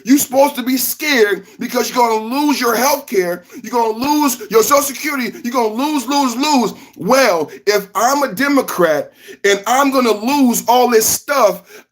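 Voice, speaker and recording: A man hosting a political reaction podcast, talking emphatically, repeating lines and breaking into shouts. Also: very high voice. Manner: emphatic, repetitive, bursts into shouting. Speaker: podcast host.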